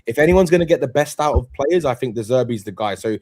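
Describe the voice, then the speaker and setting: A man's voice: mid-range voice, lively intonation, fast, a little mellow, dry recording. A man on a casual football fan panel, talking hesitantly with many restarts and agreeing often. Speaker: guest panelist.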